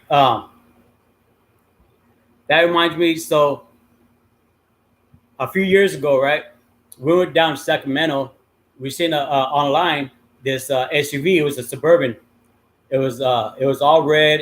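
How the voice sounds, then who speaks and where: A middle-aged man hosting a livestream tells a long, rambling story, cursing freely and filling the gaps with lots of ums and uhs. His voice is a little high and a bit bright.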